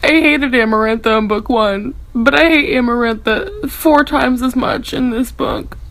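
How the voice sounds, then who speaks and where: High-voiced, gushing young woman book vlogger. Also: expressive, unhurried, a bit bright, poor audio. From Texas. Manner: dramatic, gushing, sarcastic fangirl rambling. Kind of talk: reading snapchat reactions to a fantasy novel.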